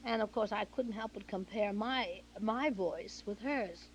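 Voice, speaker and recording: A woman's voice: medium pitch, measured pace, a little hiss or hum, rough recording. Older woman with a youthful voice. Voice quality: youthful-sounding voice. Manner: animated storytelling, acts out remembered dialogue. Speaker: interview guest, film actress. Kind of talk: reminiscing interview.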